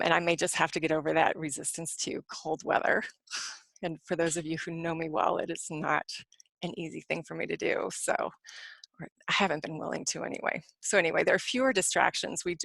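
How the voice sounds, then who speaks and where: A middle-aged woman counselor speaking at home in a lowish voice. She talks fast and rambles, with plenty of ums and restarts, in a relaxed webinar style. The sound is close and dry, with no room echo. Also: vocal fry. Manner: fast, rambling conversational delivery with fillers. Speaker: clinical social worker and spiritual counselor. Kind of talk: live webinar talk.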